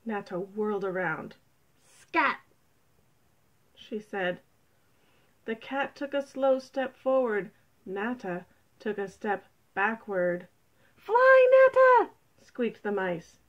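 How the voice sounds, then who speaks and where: A woman reading a children's picture book aloud in a gentle, expressive, unhurried way. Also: medium pitch, dull audio. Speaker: storybook reader.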